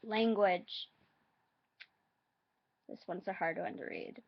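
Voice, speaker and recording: A woman vlogger reading facts aloud in a halting, hesitant way, adding her own asides. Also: mid-range voice, vocal fry, dull audio.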